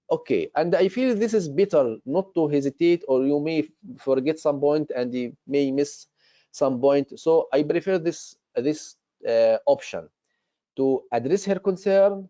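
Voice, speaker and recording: A man's voice: a little high, animated, measured pace, warm tone, no echo. A man tutoring for a medical exam, explaining role-play tasks with many fillers and restarts. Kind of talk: online exam-prep lesson. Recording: dull lo-fi recording.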